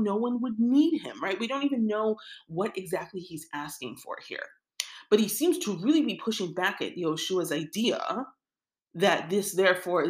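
A woman giving a casual spoken lesson on a Bible passage. She thinks aloud in a conversational way and often checks in with "right?". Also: mid-range voice. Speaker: Torah teacher.

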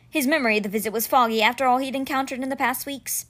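A woman reading a novel aloud chapter by chapter, with expressive storybook narration. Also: fairly high pitch, quick pace. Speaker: audiobook reader.

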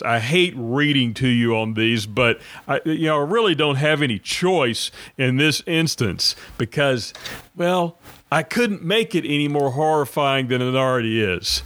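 A man's voice: medium pitch, fairly bright tone, no room sound. A man hosting a political commentary show, delivering an indignant monologue and repeating points for emphasis.

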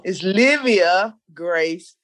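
A woman's voice: fairly low pitch, lively intonation, extremely slow, a bit bright, dry recording, studio quality. A woman, the host's mother, joining a podcast and chatting casually. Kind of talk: casual chat.

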